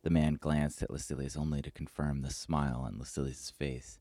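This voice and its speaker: A man hosting a podcast, reading a scripted story in a slow, measured way. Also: very deep voice, flat delivery, mellow, dry recording. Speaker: podcast host and narrator.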